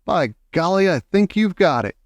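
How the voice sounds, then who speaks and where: A man's voice: mid-range voice, expressive, moderate pace, no echo, studio quality, close to an everyday voice. A man reading aloud and voicing an elderly grandmother who speaks patiently and precisely. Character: elderly grandmother, calm, firm, proper.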